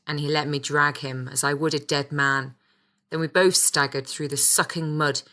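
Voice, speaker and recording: A woman's voice: sits low, pushed and bright. A woman reading a first-person audiobook with a wry, sardonic storytelling manner. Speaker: audiobook narrator.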